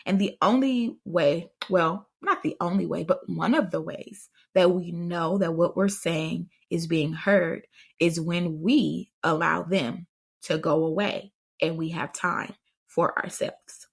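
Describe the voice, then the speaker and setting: A woman with a lowish, gravelly, husky voice hosts a parenting podcast, speaking slowly. In a casual advice chat, she tells stories chattily and talks directly to her listeners.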